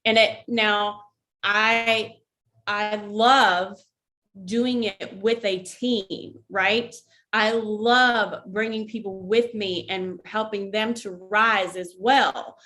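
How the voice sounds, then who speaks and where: A woman's voice: medium pitch, steady tone, very slow, pushed and bright. Woman vlogger talking straight to camera, candid, chatty, lots of little asides. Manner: candid and conversational, with frequent asides. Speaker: vlog host and army veteran. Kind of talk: casual talk to camera.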